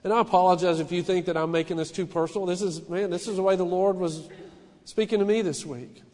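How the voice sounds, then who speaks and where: A middle-aged pastor with a fairly high voice preaches earnestly, stumbling into restarts and lifting his emphasis as he presses a point. His words ring out with a long reverb, as in a large church hall. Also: fairly even intonation, quick pace, darkish tone. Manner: earnest, personal, with frequent restarts and rising emphasis. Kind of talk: sermon.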